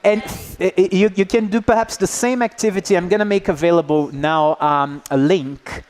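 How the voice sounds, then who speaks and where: A man presenting a live workshop to teachers, lively and engaging, often checking in with the group. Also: high voice, normal speed. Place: indoor workshop room.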